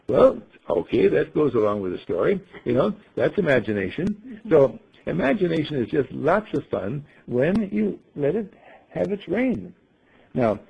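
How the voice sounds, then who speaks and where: A man's voice: mid-range voice, creaky, breathy edge. A man giving a storytelling talk, who asks rhetorical questions and playfully acts out the scenes he describes. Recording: dull lo-fi recording.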